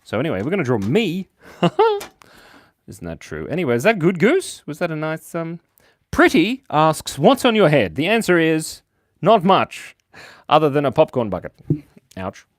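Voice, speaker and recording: A man's voice: fairly high pitch, sing-song, normal speed, no echo, clean studio sound. A young Australian man hosting a casual drawing livestream, chatty and jokey, reading the chat aloud and laughing often. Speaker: livestream host and cartoonist.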